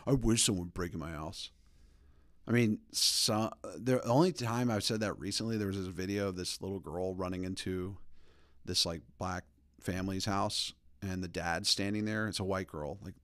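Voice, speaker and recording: Man, podcast host, low voice, rambling animated stories, dry room. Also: no room sound. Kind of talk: casual opinion talk.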